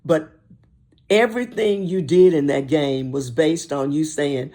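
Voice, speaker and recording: Slow, emphatic older woman host. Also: low voice, warm tone. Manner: emphatic, rhythmic listing and repeating. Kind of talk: inspirational talk.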